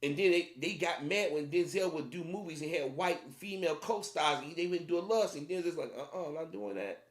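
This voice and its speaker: A man's voice: a little high, fairly quick. Emphatic man ranting in a roomy space. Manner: emphatic, repetitive, conversational, with many restarts. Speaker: commentary vlogger. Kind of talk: casual commentary rant. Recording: roomy echo.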